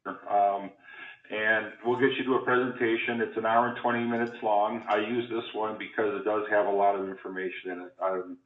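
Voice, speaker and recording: Deep, flat man on a tinny phone line. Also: normal speed, reverberant. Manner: hesitant, filler-heavy. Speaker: recruiter on a phone call. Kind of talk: sales phone call.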